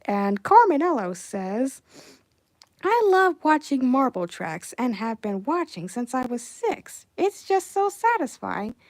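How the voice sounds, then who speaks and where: A young woman chatting casually on a livestream while she animates, reading chat messages aloud and breaking into excited outbursts. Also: high voice, unhurried, dry recording.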